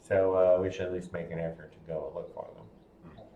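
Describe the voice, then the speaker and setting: A man running a tabletop game as game master, halting with fillers and laughing often. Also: sits low, flat delivery, mellow, dull audio. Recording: roomy with faint background hum.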